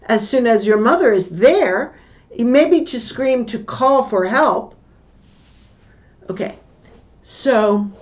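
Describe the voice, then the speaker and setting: An older woman giving a lesson with personal stories, talking in a slow, measured way and repeating her key points. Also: on the high side, darkish tone, muffled recording. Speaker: teacher.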